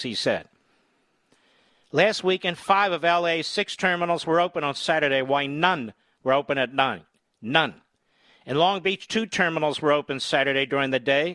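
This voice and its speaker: A middle-aged man hosting a talk radio show, reading articles aloud with sarcastic commentary and squeaky mocking impressions. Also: bright, forceful tone, dry recording. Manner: mocks people with high, squeaky put-on voices.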